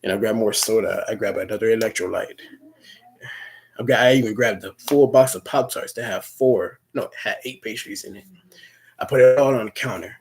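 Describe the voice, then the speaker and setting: A young man tells a personal story in a husky, breathy voice that sits on the low side. He rambles casually, swears freely and often trips over repeated words as he restarts his sentences. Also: fairly quick. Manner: rambling, profane, stammering restarts.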